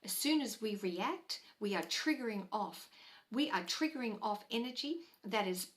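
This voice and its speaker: A woman giving a live spiritual teaching talk in a slow, gentle, soothing way, sighing softly and repeating key phrases for emphasis. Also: mid-range voice, lively intonation.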